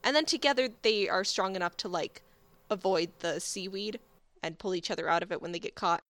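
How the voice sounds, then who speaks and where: A woman's voice: lowish voice, a bit bright, dry recording. Chatty young woman, dry close sound. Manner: quick, chatty retelling with acted quotes. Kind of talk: casual recap chat.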